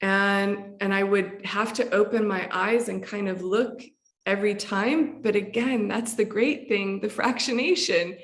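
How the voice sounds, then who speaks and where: A woman hypnotherapist explaining a calming practice in conversation, gentle and relaxed, with frequent fillers and restarts. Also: medium pitch, unhurried. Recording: echoey room.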